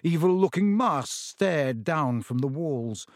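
A man narrates a fantasy novel in a measured, steady way. His voice sits a little high for a man and the recording is dry and close, with no room sound. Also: dry recording. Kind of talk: audiobook narration.

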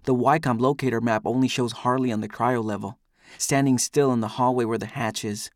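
A man's voice: mid-range voice, fairly even intonation, brisk, dry recording, studio quality. A man giving an intense, brooding first-person audiobook narration.

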